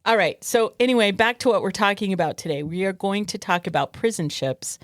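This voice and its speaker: A woman's voice: medium pitch, fairly quick, no room sound, studio quality. A woman co-hosting a podcast in casual chat with an Arizona accent, earnestly steering the talk back to her topic. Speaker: podcast co-host.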